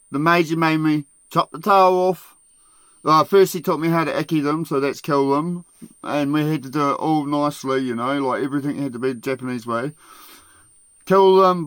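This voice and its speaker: Male podcast host, loose storyteller with a bright, forceful tone; heavy swearing, frequent laughs, dry close sound. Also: on the high side, dry recording. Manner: profane, laughs often, acts out other people's shouting. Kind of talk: casual storytelling.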